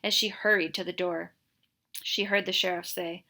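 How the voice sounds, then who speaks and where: A woman reading a novel aloud for her students, in a clear, steady storytelling voice. Her tone is bright, with a gravelly fry at the ends of phrases. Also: lowish voice, normal speed. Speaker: reader, teacher.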